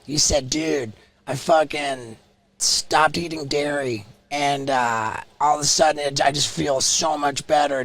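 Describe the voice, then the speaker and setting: A man's voice: fairly high pitch, a bit bright. A man hosting a podcast, enthusiastic and casually profane, calling his guest "dude". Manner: enthusiastic, swears casually, says "dude" often. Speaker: podcast host.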